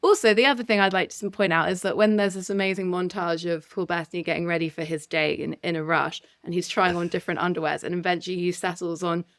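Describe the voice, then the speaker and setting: A woman's voice: on the low side, fairly even intonation, fast, few pauses, a bit bright, dry recording, studio quality. Candid woman, casual film chat. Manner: candid, enthusiastic, swears casually. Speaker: film podcast co-host.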